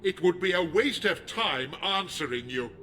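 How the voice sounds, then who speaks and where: A man voicing a megalomaniac male leader of a druid order in a video game, talking in a slow, menacing, pompous way. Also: high-pitched, animated, pushed and bright, slight background noise. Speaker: game villain.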